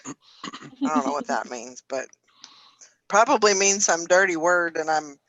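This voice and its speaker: A woman's voice: fairly low pitch, animated, measured pace, fairly bright tone, rough recording. A woman hosting a casual morning chat show, chatty and laughing often. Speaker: show host.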